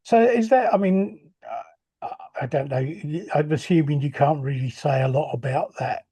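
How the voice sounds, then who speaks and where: A man's voice: a little high, normal speed, warm tone, husky. A man hosting a podcast, interviewing a guest in a casual, hesitant way with many restarts. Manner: hesitant, restarts questions, plenty of uh and I, I.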